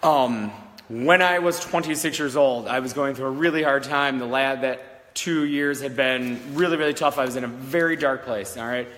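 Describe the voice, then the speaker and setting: A man's voice: medium pitch, normal speed, fairly bright tone, big-room sound. A man in his thirties, a psychic medium, telling a personal story in a rambling, candid, casual way, often checking in with "all right?" and swearing now and then. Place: old country schoolhouse, indoors.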